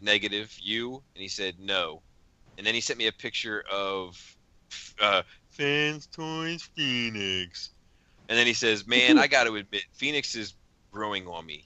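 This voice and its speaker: Low-pitched guy with a bright sharp edge, chatty host reading texts out loud, laughs a lot, dry close mic. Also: no room sound. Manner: laughing storyteller, reads out text messages. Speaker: podcast host. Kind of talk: casual chat.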